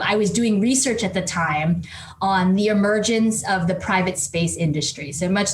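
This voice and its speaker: A woman professor telling a story as a podcast guest, animated and quick, with many fillers. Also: medium pitch. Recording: roomy echo with faint noise.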